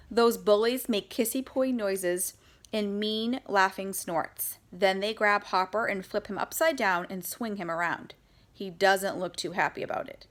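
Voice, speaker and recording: A woman's voice: mid-range voice, a little slow, fairly bright tone. A woman narrating a children's chapter book in the first person of a young girl, doing character voices for the dialogue. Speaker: audiobook reader.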